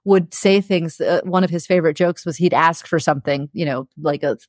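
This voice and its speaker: A woman with a fairly low voice, speaking openly and with feeling as an interview guest. She recounts hard memories in a candid conversational way, breaking into laughter now and then. The sound is dry and close, with little room echo. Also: fairly quick. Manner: frank and emotional, laughing through hard memories. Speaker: interview guest, television producer.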